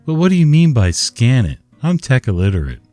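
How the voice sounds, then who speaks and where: A man voicing a slow, dim-witted male office worker in a drawling, turtle-like voice. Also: mid-range voice, huge pitch swings, warm tone, no echo, faint music behind, pitched above the performer's own voice. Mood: baffled.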